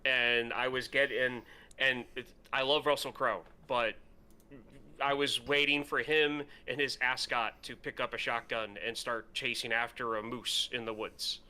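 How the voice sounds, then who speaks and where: A man's voice: mid-range voice, flat delivery, measured pace, pushed and bright, smooth. A man co-hosting a movie podcast, rambling casually with lots of fillers. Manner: rambling, filler-heavy, laughs easily. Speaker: podcast co-host. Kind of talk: casual movie review chat.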